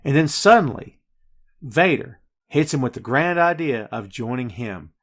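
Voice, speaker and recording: A man's voice: mid-range voice, measured pace. A man hosting a podcast, chatting casually and with energy about a film and addressing his listeners directly. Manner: animated, addresses listeners as folks and kids. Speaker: podcast host. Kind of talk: casual movie review chat.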